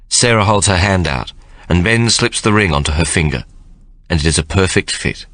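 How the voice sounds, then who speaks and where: A man reading a novel aloud as an audiobook narrator, measured and expressive. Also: sits low. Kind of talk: scripted narration.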